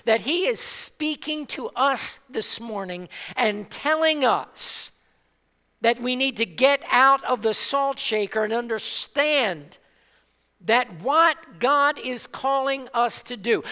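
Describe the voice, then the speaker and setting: A male pastor delivers a sermon at an unhurried, deliberate pace, leaning on key words with long pauses. His voice is bright and forceful. It rings out through a church sanctuary with a long reverberant tail. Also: very high voice, clear, resonant tone. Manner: slow, emphatic preaching with dramatic pauses.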